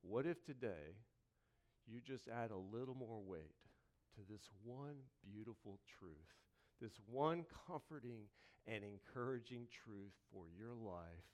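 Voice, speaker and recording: A male pastor preaching a conversational sermon, moving between joking asides and slow, quiet reflection, repeating key phrases slowly for emphasis. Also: mid-range voice, expressive.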